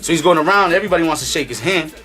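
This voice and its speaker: A man's voice: fairly high pitch, rapid-fire, over music. A man casually telling a story in streetwise slang, acting out what people said. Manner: animated, streetwise slang, acts out quotes.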